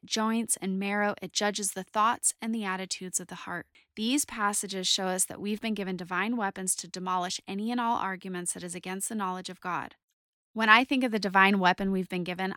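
A woman's voice: medium pitch, pushed and bright, no echo, studio quality. A woman in her forties giving devotional Bible teaching, earnest and conversational, reading scripture and telling stories from her own life.

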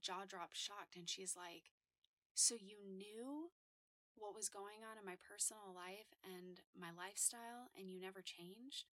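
A woman's voice: lowish voice, pushed and bright, no room sound. A woman hosting a faith podcast, giving her testimony and urging listeners in an earnest, emphatic way with repeated phrases. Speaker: podcast host sharing testimony.

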